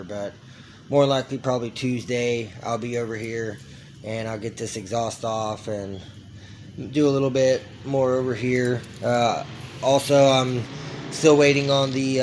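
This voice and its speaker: A man's voice: mid-range voice, a little hiss or hum. Rambling, laid-back young man. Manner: relaxed, loose, many "like" and "uh" fillers and restarts. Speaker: car build vlogger. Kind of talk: casual rambling talk to camera.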